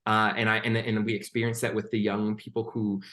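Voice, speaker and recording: Earnest low-voiced man on a panel. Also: completely flat delivery, a little fast, fairly bright tone. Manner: earnest, hesitant, many fillers and restarts. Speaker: panelist, poet and youth arts worker. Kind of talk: panel discussion.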